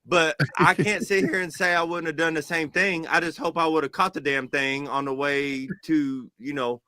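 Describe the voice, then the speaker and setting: A man co-hosting a casual sports podcast, arguing his side with animated rhetorical questions. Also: on the high side, normal speed, smooth, no echo. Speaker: podcast co-host.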